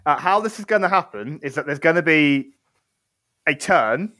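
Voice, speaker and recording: A man's voice: on the high side, lively intonation, normal speed, sharp tone, no room sound. A man running a tabletop game as game master, narrating playfully and laughing often.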